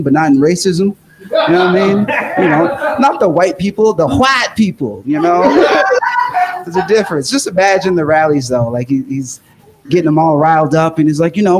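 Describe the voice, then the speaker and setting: A young man doing a stand-up set in a comedy studio, laid-back, chuckling between jokes. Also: high voice. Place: comedy studio stage with live audience.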